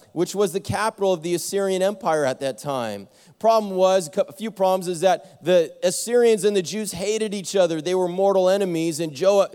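Man, pastor, Sunday sermon, high voice, lively storytelling, self-mocking, long church echo. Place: church sanctuary. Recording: long church hall reverb.

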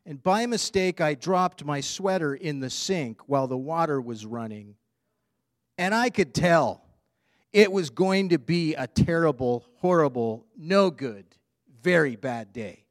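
Grumpy young boy, put on by a man, higher and louder voice, exasperated storybook complaining, dry sound. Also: expressive, unhurried, no room sound. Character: grumpy young boy having a bad day.

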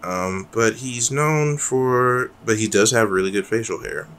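A man's voice: fairly low pitch, a little slow, a bit bright. A man co-hosting a podcast in loose, rambling casual chat, swearing freely. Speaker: podcast co-host.

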